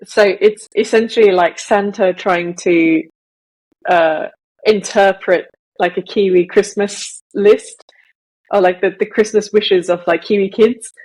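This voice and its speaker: A woman's voice: mid-range voice, fairly even intonation, a little slow, a little mellow, poor audio. A woman co-hosting a podcast in casual chat, rambling and correcting herself as she goes. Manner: rambling, self-correcting, laughs at own examples. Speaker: podcast co-host.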